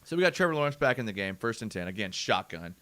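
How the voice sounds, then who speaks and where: Young man, live-stream host, animated ranting, very lively pitch, bright forceful voice. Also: fast. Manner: animated, ranting, addresses viewers as bro. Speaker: host of a fan live show. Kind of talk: live-stream film breakdown with chat reading.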